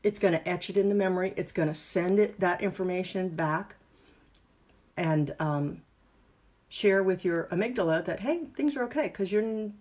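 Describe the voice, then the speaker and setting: A woman's voice: fairly low pitch, normal speed, darkish tone. A woman coach leading a live online workshop, explaining exercises in an upbeat, playful, instructive way. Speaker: wellness and business coach.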